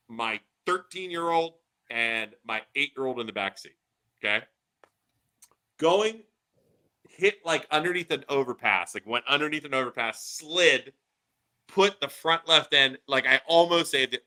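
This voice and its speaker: A man in his thirties hosting a casual podcast, telling a story in an animated way and saying "dude" a lot. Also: medium pitch, rough recording. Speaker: podcast host.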